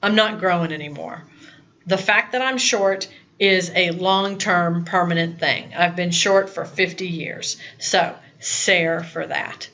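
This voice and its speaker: A woman's voice: lowish voice, slow, pushed and bright, highs cut off. A woman in her fifties teaching a recorded Spanish lesson, plain-spoken and chatty, with asides. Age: 50s.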